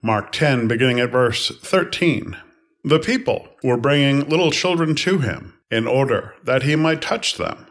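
A man reads scripture aloud in a calm, steady voice of middling pitch. His phrasing is even and unhurried, with each line set apart. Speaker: scripture reader. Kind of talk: measured scripture reading.

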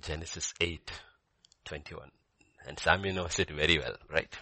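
An older man preaching a sermon as pastor, swinging between loud emphasis and soft near-whispers and repeating key phrases. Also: a bass voice, moderate pace, slightly rough, no room sound.

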